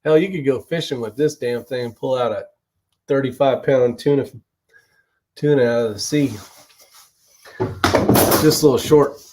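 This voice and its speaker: A man's voice: mid-range voice, moderate pace, pauses often, warm tone, slight background noise. A man hosting a casual live stream, chatting loosely, greeting viewers and answering their questions. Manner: chatty, rambling, swears casually. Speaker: livestream host. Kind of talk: casual live chat reading viewer comments.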